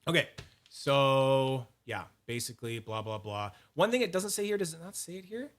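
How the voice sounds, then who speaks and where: A man's voice: medium pitch, expressive, fairly bright tone. A man hosting a casual livestream, rambling and cursing while he demonstrates polishing and reads viewers' names from the chat. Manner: frequent restarts and fillers, quick asides. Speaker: fidget collector channel host.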